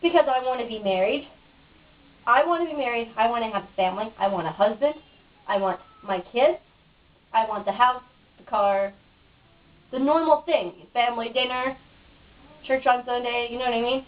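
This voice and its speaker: A woman interviewed in a casual home video delivers a frustrated, cynical rant at a moderate pace, pausing often. Her voice is a little high, and the recording is dull and lo-fi with the mic at a distance.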